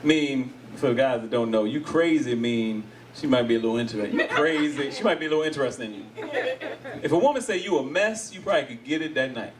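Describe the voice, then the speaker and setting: A man doing live stand-up comedy, acting out quoted voices in an animated way. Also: mid-range voice, fairly quick. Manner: animated, acts out quoted voices, laughs along with the crowd. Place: comedy stage before a live audience. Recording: distant mic with loud audience laughter. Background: audience laughing.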